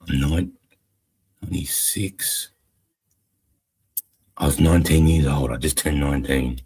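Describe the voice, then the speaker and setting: Australian man, forties, army veteran, very low voice, husky and rough, swearing, rambling war stories. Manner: blunt, swears constantly, rambling storyteller. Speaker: army veteran and stream co-host. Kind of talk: casual profane war storytelling.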